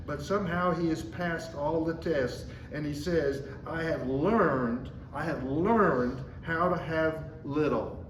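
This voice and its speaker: A man preaching a sermon at a measured pace, slowing down when he quotes scripture. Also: fairly high pitch, recorded from a distance, slight background noise. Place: church sanctuary. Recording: echoey room, mic from afar.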